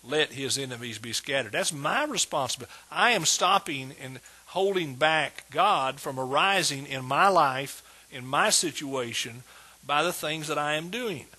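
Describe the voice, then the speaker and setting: A pastor with a husky, bright-edged tenor delivers an emphatic sermon. He drives his points home word by word, his voice rising slightly above the usual male range as he builds toward praise. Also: a little high, animated, measured pace. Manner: emphatic preaching, repeats words with rising intensity.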